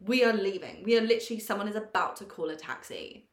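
Woman, podcast co-host, animated sweary storyteller, mid pitch, roomy echo on the mic. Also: quick pace. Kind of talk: casual storytelling chat.

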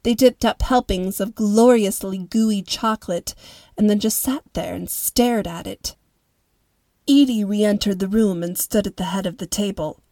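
A woman narrating a story in a calm, even way as the host of a story podcast. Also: mid-range voice, measured pace, no echo.

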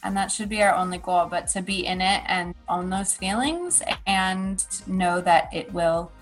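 A woman in her thirties co-hosting a casual podcast chat, telling stories in an animated way with laughs. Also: lowish voice, a little slow, faint music behind, low-quality recording. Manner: chatty, animated storytelling with laughs. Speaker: podcast co-host.

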